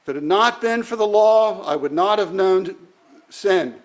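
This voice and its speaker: Slow, high-voiced male preacher. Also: lively intonation. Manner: measured, deliberate, with many "uh" fillers. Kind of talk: sermon.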